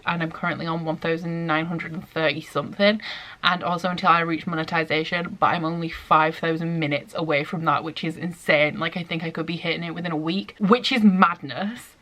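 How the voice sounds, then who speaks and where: A young woman chatting excitedly in a casual reading vlog, full of "like" fillers. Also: on the low side, quick pace. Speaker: book vlogger.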